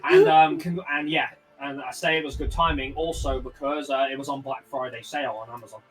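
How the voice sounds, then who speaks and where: A man's voice: mid-range voice, fairly even intonation, fairly quick, a bit bright, soft background music, low-quality recording. Rambling man with a Birmingham accent. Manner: rambling, many fillers and restarts. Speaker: podcast host. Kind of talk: casual chat. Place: home room shared with partner. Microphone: desk podcast mic.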